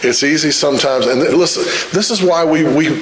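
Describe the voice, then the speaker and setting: A man's voice: fairly high pitch, fairly quick. A man preaching a sermon with fervor, driving points home by repeating his phrases. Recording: echoey room.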